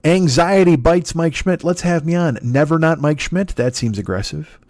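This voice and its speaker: A man's voice: on the high side, normal speed, darkish tone, no room sound, studio quality. A man hosting a solo comedy podcast, rambling and sardonic, swearing freely. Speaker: podcast host.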